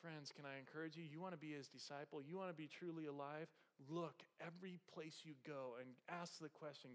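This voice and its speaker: A male pastor preaching a sermon, moving from soft conversational storytelling with humor to raised, passionate exhortation. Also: on the high side, steady tone, a little fast, hardly any pauses.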